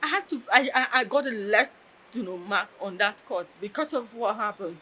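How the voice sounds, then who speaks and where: Earnest, bright-voiced woman, near tears. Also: mid-range voice, moderate pace, slight background noise, poor audio. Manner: earnest, emotional, tells with quoted dialogue. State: close to tears. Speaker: interviewee. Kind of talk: personal storytelling interview.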